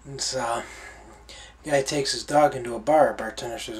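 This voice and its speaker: A man casually telling jokes in an unhurried way. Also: medium pitch. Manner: unhurried, with fillers and restarts. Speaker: joke teller.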